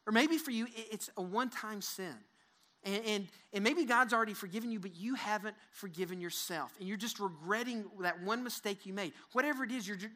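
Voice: medium pitch, bright, forceful tone. A pastor delivering a sermon at a church service, speaking earnestly and directly to the listeners, repeating words and leading them in prayer. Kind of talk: sermon to a live congregation.

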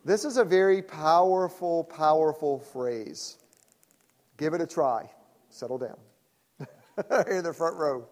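A middle-aged man with a slightly higher voice gives a relaxed church teaching talk. He jokes with the crowd and teases people in the front row. He acts out quick bits of dialogue as he goes. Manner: conversational and joking, teases the audience, acts out quoted people. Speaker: pastor teaching church leaders.

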